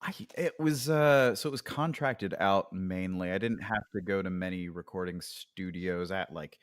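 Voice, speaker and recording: A man's voice: sits low, normal speed, dry recording. A man talking as a podcast guest in casual conversation, reflective and hesitant, with many fillers and restarts.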